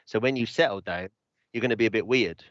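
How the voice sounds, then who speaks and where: A man's voice: fairly low pitch, quick pace, a bit bright, dry recording, dull audio. A man from England with a Birmingham-tinged English accent, co-hosting a podcast as a chatty storyteller with British slang. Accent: Birmingham English, mixed with London. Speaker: podcast co-host. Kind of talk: casual chat.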